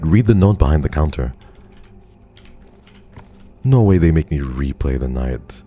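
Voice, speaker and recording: A man's voice: extremely low pitch, animated, a little slow, long pauses, dark tone, slightly rough. A male streamer giving live commentary on a game, talking to his chat and swearing in frustration.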